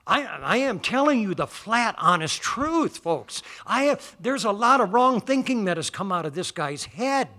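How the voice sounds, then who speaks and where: Bright-voiced folksy preacher man. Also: high voice, big pitch swings, unhurried, few pauses. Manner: folksy, emphatic, rising to loud declarations. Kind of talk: sermon. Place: church.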